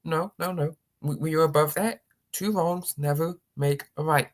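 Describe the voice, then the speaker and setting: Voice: mid-range voice, normal speed. A rambling political commentator talking casually, with many restarts and mocking impressions of opponents.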